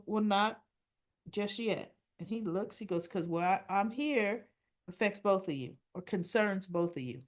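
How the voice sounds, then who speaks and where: A woman talking through a daytime soap episode in a loose, conversational way. She voices each character's lines herself and keeps cutting in with blunt personal opinions. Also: medium pitch. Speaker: soap opera recap host. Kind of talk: casual spoken recap.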